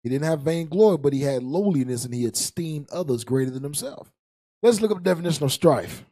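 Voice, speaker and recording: Lively, high-voiced joking male preacher. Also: fairly quick. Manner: laughs often and calls on a reader to recite verses. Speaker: preacher and teacher. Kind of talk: humorous street sermon.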